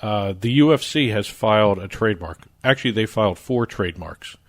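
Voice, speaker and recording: A man's voice: lowish voice, lively intonation, fairly quick. A man with a New Jersey accent, co-hosting a sports podcast and walking through the news stories in casual chat. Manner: explains news stories at length, some restarts. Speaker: podcast co-host.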